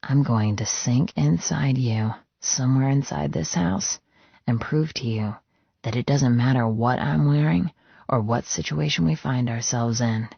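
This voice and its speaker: A man voicing a brooding, possessive biker president in a suit, speaking low, intimate and teasing. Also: measured pace, creaky, husky, no echo. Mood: intense. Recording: dull, lo-fi dry studio read.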